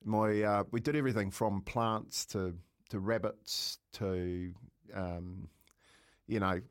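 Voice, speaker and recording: A man's voice: slow, clean tone. A middle-aged man with a New Zealand accent, co-hosting breakfast radio and telling a rambling story with lots of laughs. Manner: animated, laughing, raises pitch for quoted voices. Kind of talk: casual storytelling.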